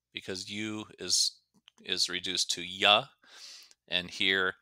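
With a steady, low-pitched voice that sounds bright, forceful and clean, a man teaches English grammar without any echo in the recording. His manner is slow and careful, and he demonstrates pronunciation by stretching words out.

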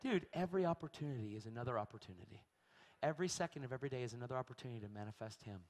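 A man preaching a sermon, telling a story with animated energy and acting out the people in it. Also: mid-range voice, rapid-fire. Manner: animated storytelling, acts out voices, shrieks in quotes. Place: large church hall. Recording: long hall reverb.

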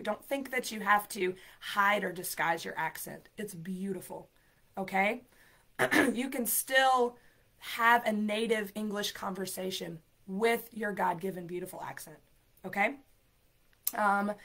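A woman's voice: a little high, a bit bright. Upbeat, encouraging woman teaching live. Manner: talks straight to viewers, reads out comments. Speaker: ESL program coordinator. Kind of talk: live-streamed lesson.

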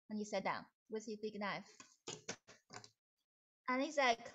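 A woman teacher narrating a puppet story for children over a video call, in an animated, playful way. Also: mid-range voice, measured pace, pauses often, muffled recording. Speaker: music teacher.

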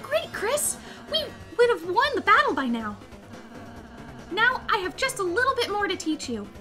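A woman voicing a shy, gentle young male goat-like creature, reading his lines in a sweet, hesitant, encouraging way. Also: very high voice, sing-song, normal speed, soft background music, exaggerated voice. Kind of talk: reading game dialogue aloud.

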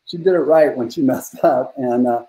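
A man's voice: mid-range voice, normal speed, warm tone. A man in his fifties, a guest coach on a podcast, telling a personal family story in a heartfelt, earnest way with frequent fillers. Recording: roomy echoey room.

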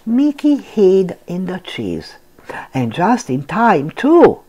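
An older woman reads a picture book aloud to little ones, slow and gentle. Her voice is on the low side and swings widely up and down to bring the story alive. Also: wildly swooping pitch, breathy edge. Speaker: storyteller, channel host. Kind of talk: children's read-aloud storytelling.

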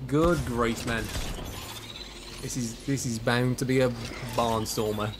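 A man from Birmingham with a light, mostly suppressed Brummie accent, chatting and reacting excitably while streaming a game. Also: medium pitch, takes it slowly. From Birmingham, England. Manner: excitable, chatty, shouts at big moments. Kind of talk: live gameplay commentary. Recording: noisy game audio under voice.

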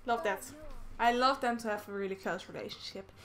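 A woman's voice: mid-range voice, fairly quick. A woman from the Netherlands giving casual commentary as she plays a life-sim game, chatting through each action. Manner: chatty, narrating her own game actions. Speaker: gaming YouTuber. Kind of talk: casual Let's Play commentary.

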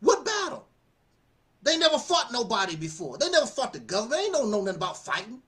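Talking fast in a very high voice, this man hosts a channel with casual spoken commentary. His style is lively and sermonizing, punctuated by laughter and repeated phrases.

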